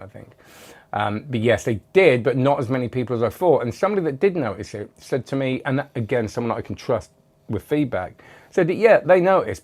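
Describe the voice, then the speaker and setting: A man's voice: medium pitch, a little mellow. A man hosting a magic channel, chatting casually and rambling as he reads out viewer comments, with self-deprecating asides. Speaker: magic video host.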